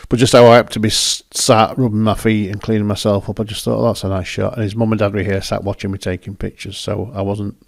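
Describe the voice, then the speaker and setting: A man's voice: fairly low pitch, flat delivery, fast, vocal fry, few pauses, no room sound, clean studio sound. A man hosting, chatting casually and rambling as he talks through his photos. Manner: rambling, self-correcting, chatty. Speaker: photographer and host. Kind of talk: casual commentary over photos.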